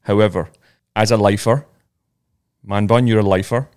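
Low-voiced man chatting on a podcast. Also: fairly even intonation, normal speed, a little mellow, clear, resonant tone. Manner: rambling, friendly, full of restarts. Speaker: podcast co-host. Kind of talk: casual chat.

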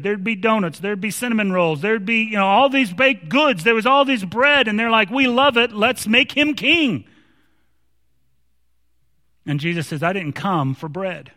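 Male preacher, conversational emphatic sermon delivery, bright tone, long hall reverb. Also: high voice, expressive, normal speed.

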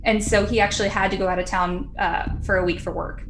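Woman podcaster narrating a creepy tale in a relaxed, chatty way, mid-pitched voice over a faint hiss of background noise. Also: fast. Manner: chatty, laughs often, acts out quotes. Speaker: podcast storyteller. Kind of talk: casual storytelling.

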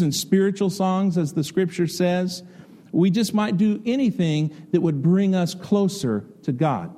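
High-voiced man giving a folksy sermon. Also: dark tone. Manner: conversational, folksy storytelling with rhetorical questions. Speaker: pastor.

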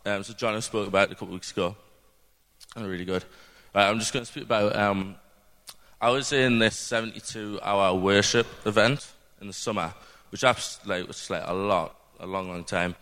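A man's voice: on the low side, fairly even intonation, moderate pace, fairly bright tone. A young man from the UK giving an earnest, rambling testimony at a church gathering, full of fillers. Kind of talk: informal testimony talk. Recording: long hall reverb.

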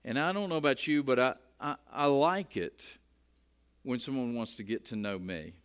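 A man's voice: mid-range voice, moderate pace, clear, resonant tone. A middle-aged man preaching a sermon in a conversational way, often repeating words as he starts a phrase. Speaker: pastor.

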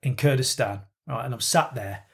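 A man's voice: mid-range voice, normal speed, vocal fry, fairly bright tone. A man telling a long, rambling story in casual podcast banter, swearing freely.

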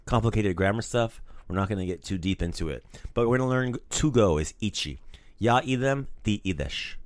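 A man hosting a casual language lesson, animated and playful, teasing his co-host and praising each repeat. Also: lowish voice, brisk, no room sound.

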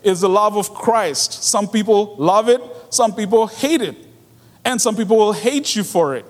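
A man's voice: sits high, animated, moderate pace. Earnest preacher man in a reverberant hall. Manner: earnest, repeats key phrases for emphasis. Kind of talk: sermon.

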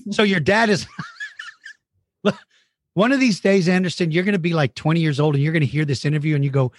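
A man's voice: a little high, fairly quick, pauses often, no echo, studio quality. A man hosting a playful chat with a child about dinosaur battles, goofy and teasing with mock outrage. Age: adult. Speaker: host interviewing a child.

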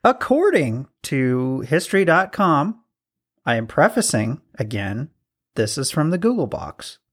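A man's voice: fairly high pitch, sing-song, unhurried, fairly bright tone. A man co-hosting a podcast in casual chat, reading out trivia with self-deprecating jokes. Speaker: podcast co-host.

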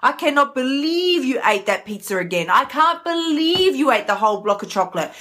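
A woman's voice: sits high, very animated, a little fast, pushed and bright, pitched above the performer's own voice, exaggerated voice. An Australian woman voicing a harsh, abusive inner critic that scolds the listener. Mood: scornful. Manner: scolding, contemptuous.

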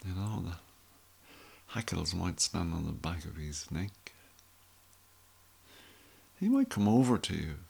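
A man's voice: low-pitched, lively intonation, slow pace, creaky, long pauses, darkish tone, husky. A middle-aged Irish man telling a rambling, wry story in a casual monologue. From Ireland. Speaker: vlogger.

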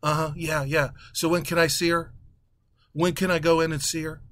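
A man's voice: a little high, level tone, fairly bright tone, close to an everyday voice. A man voicing a dazed husband at a hospital who stammers through every sentence without taking anything in. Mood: oblivious. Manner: stammering, halting, oblivious.

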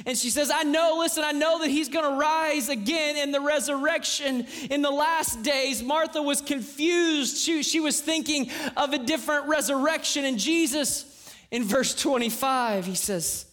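A man's voice: extremely high pitch, moderate pace, a bit bright. A man preaching a fervent Wednesday night sermon, repeating phrases and calling out to his congregation. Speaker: pastor.

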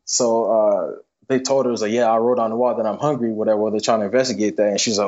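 This young man's voice runs on the low side, a little mellow, with fairly even intonation. As a football player guest in an interview, he tells stories fast and casually, full of fillers like "you know what I'm saying." The podcast recording sounds dull and lo-fi.

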